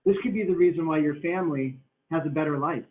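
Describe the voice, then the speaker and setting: A man's voice: on the high side, fast talker. A man giving a motivational talk to a group, emphatic and repetitive, drawing out words to press his point. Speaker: motivational speaker. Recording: tinny, roomy, distant from mic.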